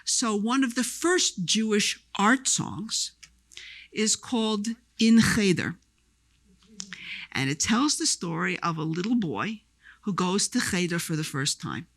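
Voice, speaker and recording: A woman's voice: mid-range voice, takes it slowly, dry recording. Woman lecturer, storytelling and chanting. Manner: lively storyteller, breaks into chant. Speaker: music scholar and lecturer. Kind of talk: live lecture with sung demonstrations. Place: lecture hall before a live audience.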